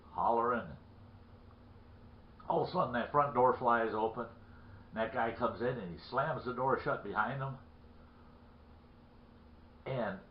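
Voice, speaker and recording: A man spins a folksy tale in a rambling way, circling back and repeating himself as he goes. His voice sits at an ordinary middle pitch. The sound is roomy and somewhat dull, like a lo-fi recording. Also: a little hiss or hum. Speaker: storyteller. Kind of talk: folksy spoken storytelling.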